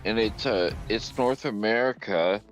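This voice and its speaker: A man's voice: on the low side, a little slow, faint music behind. A man chatting casually on a gaming stream, giving long rambling explanations with frequent restarts. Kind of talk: casual chat.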